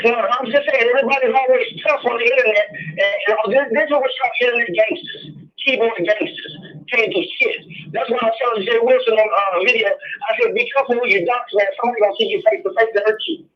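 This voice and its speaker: A man's voice: very high-pitched, steady tone, a little fast, dull audio. A man calling in by phone to a talk show, blunt and profane, repeating the same points over and over. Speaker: caller. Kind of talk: heated call-in conversation.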